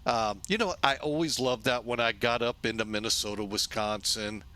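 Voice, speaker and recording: A man's voice: medium pitch, normal speed, bright, forceful tone. A man from St. Louis hosting a flight-sim video, narrating casually with rambling asides, jokes and self-corrections. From St. Louis, USA.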